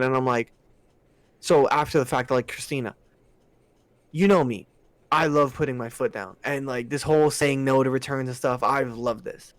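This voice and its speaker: Young male podcast co-host, lively and casual, does customer voices, dry close sound. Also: medium pitch, moderate pace, no echo. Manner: animated storytelling, acts out customers, laughs a lot. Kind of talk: casual chat.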